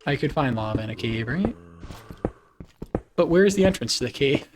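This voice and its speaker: A man's voice: mid-range voice, animated, moderate pace, noisy background. A man chatting casually with his viewers on a live game stream, laughing often.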